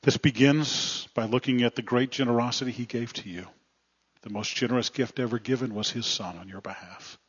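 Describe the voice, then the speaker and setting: Brief: male pastor mid-sermon, earnest and plainspoken, middle-pitched voice with dropping phrase ends, muffled lo-fi recording. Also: fairly even intonation, a little fast, husky.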